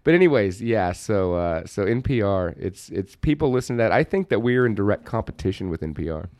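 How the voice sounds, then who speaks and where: A young adult man co-hosting a casual podcast, animated and quick to laugh, swearing freely. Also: lowish voice, no echo, studio quality. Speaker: podcast co-host.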